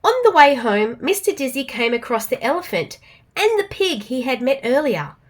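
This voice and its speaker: Aussie mum storyteller for kids, lively and rather high voice. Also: female voice, moderate pace. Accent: Australian. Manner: expressive, animated reading. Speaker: children's storyteller. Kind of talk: storybook read-aloud for children.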